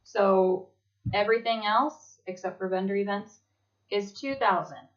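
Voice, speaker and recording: A woman's voice: mid-range voice, a little slow, dull audio. Chatty woman teaching sales rules. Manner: chatty, repeats "okay?" to check in. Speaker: direct sales consultant. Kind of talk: instructional talk to sellers.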